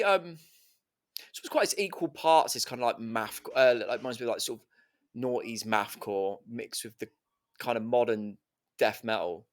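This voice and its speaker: A man's voice: medium pitch, normal speed. Chatty man teasing his co-host. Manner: chatty and teasing, rambling with fillers like "like". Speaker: album review co-host. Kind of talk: casual chat about music.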